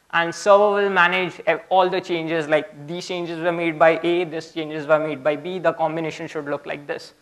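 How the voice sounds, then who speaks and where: This conference speaker is a young man with a high, somewhat bright voice. His technical talk is casual and conversational, punctuated by frequent "okay?" check-ins.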